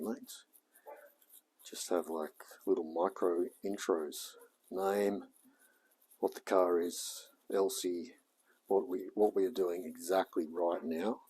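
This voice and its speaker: A man's voice: low-pitched, steady tone, a little slow, dark tone, breathy edge. A man in his forties with an Australian accent, chatting and muttering to himself as he works on a car in a home garage. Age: 40s. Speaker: home mechanic vlogger. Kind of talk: casual self-talk while working.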